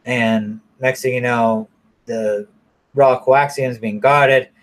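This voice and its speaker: A man talks through a film's plot in a loose, rambling way, swearing constantly and stumbling over fillers and restarts. His voice sits at an ordinary middle pitch. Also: fairly even intonation, takes it slowly. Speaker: movie reviewer. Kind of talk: casual rambling movie recap.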